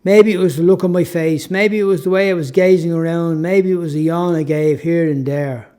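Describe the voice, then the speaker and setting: A man's voice: a little high, steady tone, fairly quick, dark tone. A man reading his own story aloud as a reflective, first-person audiobook narration.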